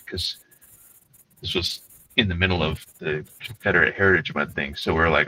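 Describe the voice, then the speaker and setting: A man's voice: low-pitched, a little fast, long pauses, slight background noise, poor audio. A man co-hosting a livestream, telling rambling, profane stories in casual chat. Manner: rambling, profane, animated storytelling. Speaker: co-host.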